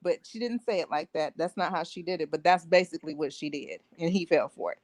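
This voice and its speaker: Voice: mid-range voice, quick pace, no room sound. An opinionated speaker presses each point with emphasis. The delivery is loose and conversational. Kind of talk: casual chat.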